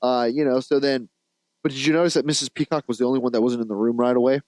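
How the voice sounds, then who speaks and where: A man's voice: mid-range voice, steady tone, very fast, crowd noise, low-quality recording. A man co-hosting a podcast, casually retelling a movie plot in a rambling, laughing way, with restarts and the odd swear. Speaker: podcast co-host.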